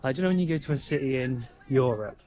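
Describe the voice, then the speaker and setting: A man's voice: mid-range voice, animated, fast talker, dark tone, a little hiss or hum. Chatty man vlogging outdoors. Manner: chatty, conversational, explains plans as he walks. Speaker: travel vlogger. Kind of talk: casual travel vlog narration. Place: outdoors in a mountain park.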